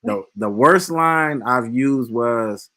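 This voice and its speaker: A man's voice: medium pitch, takes it slowly, fairly bright tone. A man, hosting a casual podcast chat and telling stories loosely, swearing freely. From Detroit, USA. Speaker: podcast host.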